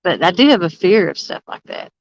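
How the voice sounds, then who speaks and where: A woman's voice: on the low side, animated, fairly quick, muffled recording, a little hiss or hum. A woman chatting casually on a live stream from a campsite, greeting viewers by name and laughing often. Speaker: livestreaming angler. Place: campsite outdoors.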